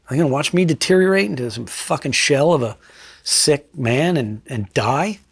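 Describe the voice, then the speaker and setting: A middle-aged man and retired state trooper, telling his story bluntly in a sit-down interview, swearing freely and pausing to reflect. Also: fairly high pitch, expressive, slightly rough, no echo. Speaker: retired state trooper and crime scene investigator.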